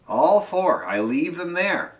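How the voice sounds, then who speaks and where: A middle-aged man teaching fiddle to an online class, explaining in a relaxed, folksy way and calling out notes loudly while he plays. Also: a little high, takes it slowly. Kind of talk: online group music lesson. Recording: loud fiddle music behind the voice. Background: fiddle playing.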